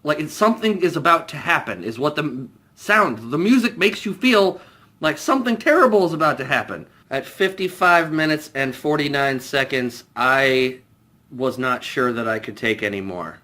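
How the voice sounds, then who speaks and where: A man's voice: fairly high pitch, animated, moderate pace, bright, forceful tone. A young man giving a comedic spoiler review of a film, incredulous and mocking, often breaking into laughter. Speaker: movie reviewer.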